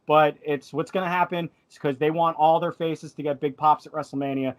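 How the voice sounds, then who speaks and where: A man's voice: fairly high pitch, steady tone, fairly quick. A man on a wrestling panel, talking in an enthusiastic, opinionated way in casual chat.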